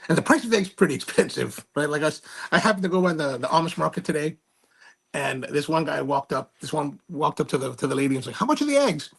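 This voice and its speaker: A man's voice: a little high, quick pace, gravelly, breathy edge. A man hosting his own show, telling a rambling, snarky story with many restarts. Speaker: host. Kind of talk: casual monologue.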